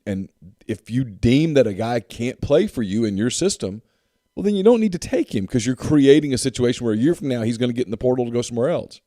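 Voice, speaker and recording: A man's voice: medium pitch, warm tone, dry recording, studio quality. A man co-hosting a sports podcast in casual chat, emphatic and repeating points for effect. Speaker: podcast co-host.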